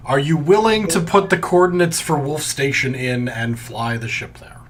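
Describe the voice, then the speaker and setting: A man's voice: fairly high pitch, lively intonation, moderate pace, a little hiss or hum. A man narrating a tabletop space game as game master, joking and laughing easily.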